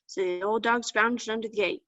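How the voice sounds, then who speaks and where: A woman storyteller tells a folktale in homespun, folksy country phrasing. Her voice sits a little high, and the sound is dull and dry, as if over a video call. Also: steady tone, moderate pace, fairly bright tone, no room sound.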